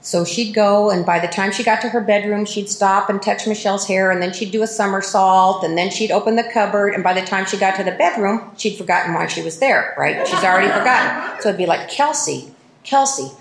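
A woman's voice: medium pitch, brisk, hardly any pauses, slight background noise. A middle-aged woman speaks at a recovery meeting in a personal, confessional way. She tells her story with self-deprecating humor, stumbles and plenty of fillers. Her voice sits in a middling range and rings in a reverberant room. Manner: lively self-mocking storytelling with many fillers.

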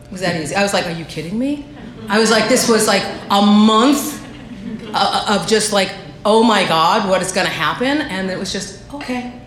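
A woman's voice: medium pitch, normal speed. A woman giving a personal recovery share at a meeting, candid and self-deprecating in how she tells her story. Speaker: speaker sharing at a recovery meeting. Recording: echoey room, faint background noise.

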